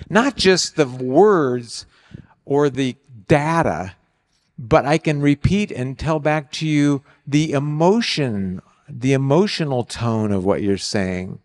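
An older man preaching on marriage, animated, acting out quoted lines with bursts of loud exclamation. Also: mid-range voice. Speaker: speaker on marriage. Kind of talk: sermon. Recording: long hall reverb.

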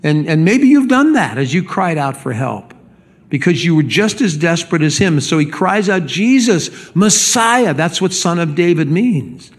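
A man's voice: a little high, sing-song, moderate pace. A man preaching a sermon as pastor, speaking emphatically and often repeating words as he builds a point.

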